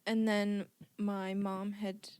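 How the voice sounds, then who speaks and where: A woman's voice: medium pitch, flat delivery, slow pace, darkish tone, smooth, dry recording. Giggly rambling woman podcast co-host. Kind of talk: casual chat.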